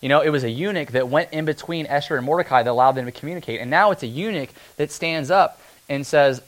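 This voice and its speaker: A male pastor giving a conversational sermon, easygoing and chatty. He often breaks into brief acted-out voices to make a point. His voice sits a little higher than most men's. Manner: conversational, acts out characters in quick asides.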